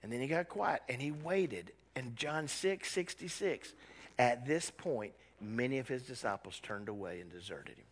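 A man's voice: medium pitch, expressive, moderate pace, big-room sound. A man preaching a sermon as pastor, dramatic and acting out scenes from the Bible in changing voices.

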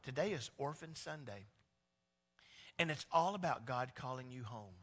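A male pastor delivers a sermon in a fairly high, bright, forceful voice. He talks conversationally and builds emphasis through repetition, often restarting a phrase mid-thought. His delivery swings between loud, driving lines and quiet, intimate ones. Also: in a large hall.

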